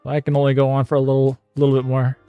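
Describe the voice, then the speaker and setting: A male streamer who reads an AI-generated story aloud on stream, chuckling and rambling in quick bursts. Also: medium pitch, completely flat delivery, smooth, dry recording, highs cut off, soft background music.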